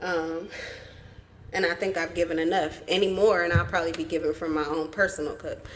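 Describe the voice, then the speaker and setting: A woman's voice: on the low side, steady tone, fairly quick, a little hiss or hum. A woman giving a casual tarot reading for her vlog, blunt and profane, rambling as she talks. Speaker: tarot reader.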